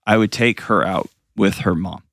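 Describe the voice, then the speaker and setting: A middle-aged man with a very low, gravelly voice gives advice to callers. He speaks earnestly and hammers his points home by repeating them. The sound is dry and close. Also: moderate pace, a bit bright, no room sound. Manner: earnest, emphatic, repeats phrases for stress. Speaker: call-in show host and counselor. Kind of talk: call-in advice talk.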